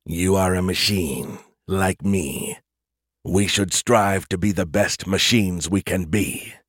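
A man voicing a slow, cold robotic AI. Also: fairly bright tone, breathy edge, no echo, studio quality, exaggerated voice. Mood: cold, mechanical. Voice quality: mechanical, slow, low. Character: cold robotic male alien AI, menacing, flat.

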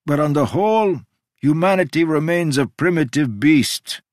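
A man voicing an ancient male god who lectures in a sweeping, emphatic way, with sudden jumps in pitch. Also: lively intonation, moderate pace, no room sound, studio quality, lightly acted. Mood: lecturing. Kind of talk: audiobook character reading.

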